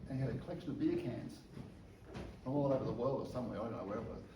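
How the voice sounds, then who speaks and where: A man tells his testimony as a sermon, caught up in the tale and tripping over his words as he goes. His voice is soft and warm. He sounds set back from the mic in a reverberant room, with a faint hum of ambience behind him. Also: mid-range voice, rapid-fire, recorded from a distance. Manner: animated storyteller who stumbles and repeats words. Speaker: preacher sharing a testimony. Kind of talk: storytelling sermon.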